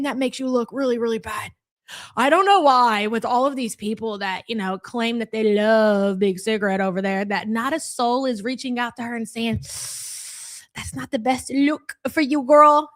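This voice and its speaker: Brash high-voiced woman streamer. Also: fairly bright tone. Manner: brash, swears freely, rattles off viewer names. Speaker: livestream host. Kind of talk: casual live reaction chat.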